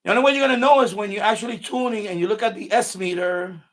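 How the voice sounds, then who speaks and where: Showing his radios on an unscripted live stream from his home radio room, a man talks fast in a high, fairly bright voice. He's irritable, rambling and swears heavily.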